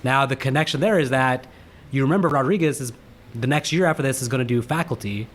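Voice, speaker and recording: A man's voice: medium pitch, fast talker, a little hiss or hum. A man co-hosting a casual movie podcast, chatty and rambling as he shares film trivia. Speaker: podcast co-host.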